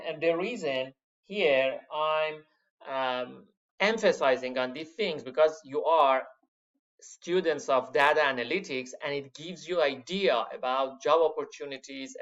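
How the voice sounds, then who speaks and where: A man giving a university lecture to his students, halting with many fillers, stressing key words and calling the class "my friends". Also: fairly high pitch, a bit bright. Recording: dull lo-fi lecture recording.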